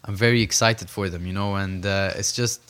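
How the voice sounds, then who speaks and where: A man's voice: deep voice, steady tone, a little fast, fairly bright tone, clear, resonant tone. A young man from Saudi Arabia, a professional boxer, talking earnestly in an interview and repeating phrases for emphasis. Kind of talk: reflective interview conversation.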